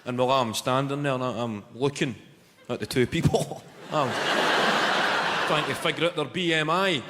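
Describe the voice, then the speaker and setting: A Scottish man with a Glaswegian accent performing a stand-up comedy routine, telling a story in a deadpan way with crude swearing. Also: mid-range voice, normal speed, heavy background noise. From Scotland. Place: large live venue. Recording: echoey hall with loud ambience. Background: audience laughter.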